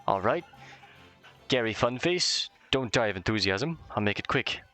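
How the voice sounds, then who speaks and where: A man's voice: medium pitch, expressive, normal speed, sharp tone, soft background music. A man doing Drippy, a cheeky fairy. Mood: chummy. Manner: chummy, slangy, exclaiming. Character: cheeky little male fairy sidekick.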